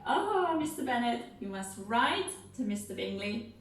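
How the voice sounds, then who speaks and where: A woman voicing a fussy, gushing middle-aged mother of five daughters, theatrical and breathless, with drawn-out pleading "oh"s. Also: fairly high pitch, big pitch swings, distant mic. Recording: very echoey room, away from the mic.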